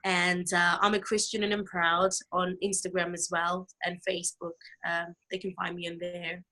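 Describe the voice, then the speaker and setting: A woman's voice: lowish voice, little pitch movement, normal speed, sharp tone, poor audio. A woman from the UK, an author and business mentor, speaking as a guest in an earnest, encouraging way with some fillers. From United Kingdom. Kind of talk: casual interview talk.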